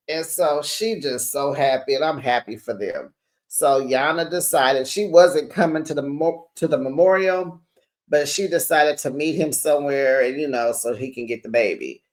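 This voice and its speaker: A woman hosting a casual reality TV recap, chatty and animated, talking straight to her viewers. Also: sits low. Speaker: recap channel host.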